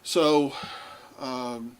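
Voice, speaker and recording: Male lecturer, unhurried, halting delivery with fillers, faint hiss behind. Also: medium pitch, steady tone. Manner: halting, many filler pauses. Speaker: Bible translation teacher. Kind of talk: recorded lecture on translation.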